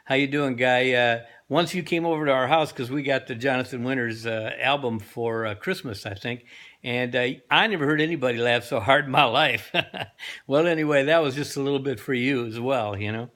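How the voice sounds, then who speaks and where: A man's voice: medium pitch, moderate pace, fairly bright tone. An older man telling a joke in a rambling, casual way, full of fillers and self-corrections. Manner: rambling, lots of fillers and laughter. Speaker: joke teller.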